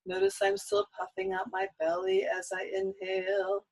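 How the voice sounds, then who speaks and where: A woman's voice: on the low side, takes it slowly, creaky, hardly any pauses, dull audio, faint music behind. A woman teaching a singing lesson, coaching patiently and leading sung vocal exercises.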